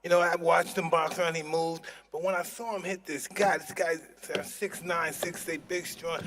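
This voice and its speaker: Man, boxing trainer, halting and rambling, bright tone, slightly high. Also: slight background noise.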